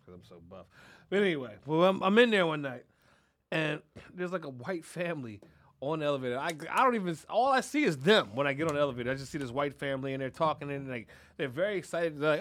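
Male podcast co-host, animated storyteller, bright voice, profane. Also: fairly high pitch, fast. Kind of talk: casual chat.

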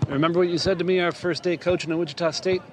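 A man playing a deadpan assistant coach. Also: sits high, racing, lightly acted. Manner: dry, deadpan. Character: dry, laconic male assistant coach. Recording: TV clip with clear background noise.

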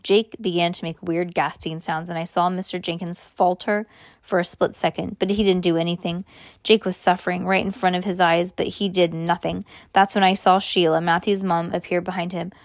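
A woman's voice: lowish voice, level tone, moderate pace, no room sound, clean studio sound. A woman reading a novel aloud, now and then stopping to explain in her own words. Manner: plain reading with spoken asides. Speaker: reader.

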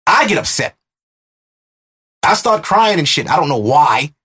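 A man in his thirties hosting a podcast, telling a personal story in an emotional, animated way. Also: a little high, unhurried, slightly rough. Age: 30s. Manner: emotional, animated retelling with acted-out quotes. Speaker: podcast host. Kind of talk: casual storytelling chat.

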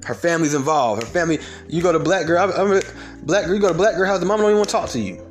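A man telling stories and ranting in a blunt, profane, fast-talking way. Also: on the high side, faint music behind. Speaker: storyteller. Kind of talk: comedic storytelling rant.

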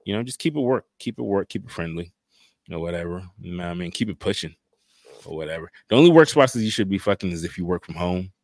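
A man's voice: sits low, expressive, fast, a little mellow, dry recording, studio quality. A middle-aged man, co-hosting a podcast in a playful, joking manner. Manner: joking, playful, slips into voices for bits. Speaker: podcast co-host. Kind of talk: casual chat.

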